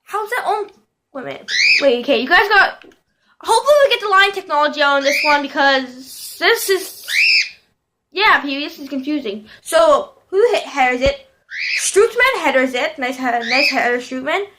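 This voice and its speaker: A young woman giving casual commentary over a football video game, shouting and squealing at plays and chatting to her pet bird. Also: high-pitched, lively intonation, normal speed, noisy background. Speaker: gaming video host.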